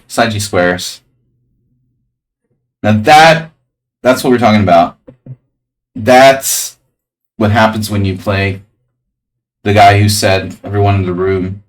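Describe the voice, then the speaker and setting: A man streams chess live, thinking aloud about his moves and dropping dry, jokey asides. His voice is on the low side, the mic is distant, and the recording is rough.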